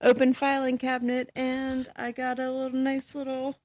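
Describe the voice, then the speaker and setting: A woman's voice: sits high, monotone, normal speed, darkish tone. A young woman from Pennsylvania co-hosting a podcast, rambling through stories and laughing often in casual chat. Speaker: podcast co-host.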